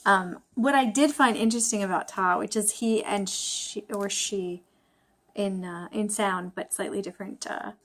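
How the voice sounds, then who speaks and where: A woman talking casually to camera in a study vlog, thinking aloud, joking about her own mistakes, with frequent fillers and restarts. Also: mid-range voice. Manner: chatty, self-deprecating, thinking aloud with fillers. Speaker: language-learning vlogger.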